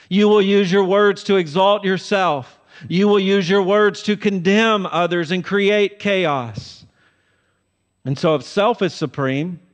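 Slow, emphatic preacher in a reverberant hall. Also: male voice, a little high. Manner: emphatic preaching, voice rises on warnings and drops soft on grace. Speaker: pastor. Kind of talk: sermon.

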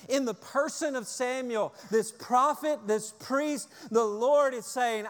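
High-voiced emphatic preacher man. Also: expressive, a little slow, few pauses, in a large hall. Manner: emphatic, repeats key phrases for stress. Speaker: pastor. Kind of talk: sermon.

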